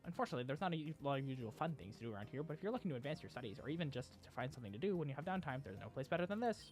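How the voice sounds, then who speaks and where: A man's voice: mid-range voice, sing-song, rapid-fire, darkish tone, faint music behind, lightly acted. A man doing a prim nerdy boy genius. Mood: earnest. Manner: prim nerd voice. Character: nerdy teenage boy genius inventor, polite.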